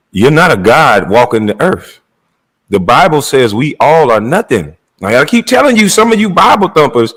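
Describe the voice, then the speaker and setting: A man's voice: mid-range voice, rough recording. A middle-aged man delivering a heated, blunt and profane monologue rant as a commentator.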